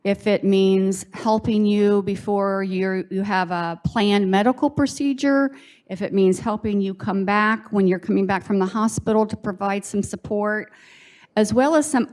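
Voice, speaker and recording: A woman with a mid-range voice speaks in a friendly, reassuring way at a town hall meeting. She pauses now and then with small fillers as she explains plans. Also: mid-range voice. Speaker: health services staff.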